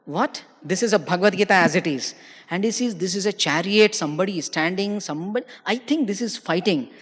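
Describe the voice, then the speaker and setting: A man's voice: high-pitched, fast, a bit bright. A man giving a storytelling sermon at a temple Sunday program. He acts out his characters' lines and often checks in with his listeners. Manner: tells anecdotes, acting out characters' lines and often checking in with "okay?". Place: temple hall. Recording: long reverb of a large hall.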